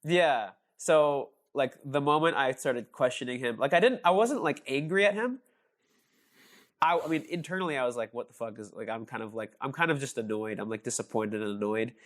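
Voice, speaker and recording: A man's voice: mid-range voice, animated, a little fast. A young man guest on a casual podcast, telling stories in a rambling, hesitant way and laughing often.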